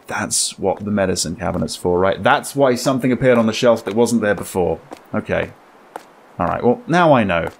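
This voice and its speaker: A man talks his way through a horror game in a loose, joking commentary. His voice is lively and swings freely in pitch as he reacts out loud to what he sees. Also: normal speed, vocal fry, husky. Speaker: gaming YouTuber. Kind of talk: let's play commentary.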